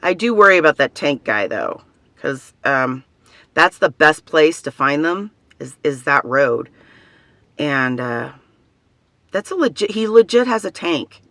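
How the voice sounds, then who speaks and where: A rambling vlogger chats straight to camera, circling back and restarting thoughts. The voice is gravelly and rough-edged, and the pitch swings up and down. The sound is close and dry. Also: sing-song, unhurried, a bit bright, no room sound. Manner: rambling, chatty, often trailing off and restarting. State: has facial tics. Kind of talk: casual personal vlog.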